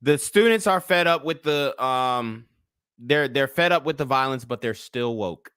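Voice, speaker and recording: Young man, livestream commentary, rambling profane storytelling, bright tense voice, dry sound. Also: mid-range voice, expressive, a little slow, clear, resonant tone, no room sound.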